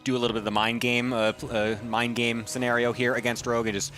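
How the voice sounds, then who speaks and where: A young man co-casting a live esports match, giving steady analytical play-by-play. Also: mid-range voice, quick pace, soft background music. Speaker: esports co-caster.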